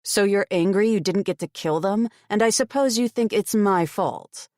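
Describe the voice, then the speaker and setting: Defiant young siren woman voiced by the narrator, sharp and demanding, dry close audiobook sound. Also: mid-range voice, moderate pace, no room sound, voice pushed up, close to an everyday voice. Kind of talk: audiobook character voice.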